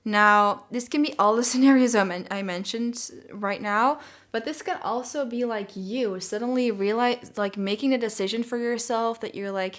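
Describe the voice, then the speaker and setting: A young woman giving a casual tarot reading, talking in a soft, gentle and reassuring way. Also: on the high side, normal speed. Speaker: tarot reader.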